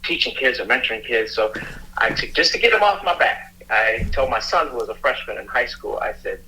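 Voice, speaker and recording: Middle aged cop telling his story, halting and earnest, keeps restarting, bright voice. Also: medium pitch, animated, a little hiss or hum, poor audio. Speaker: police officer and youth mentor, guest. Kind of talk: emotional personal storytelling.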